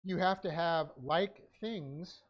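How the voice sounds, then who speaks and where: Halting man teaching a Bible class. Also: fairly high pitch, lo-fi sound. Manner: halting, frequent uh fillers and self-corrections. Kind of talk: Bible study lecture, dictating notes.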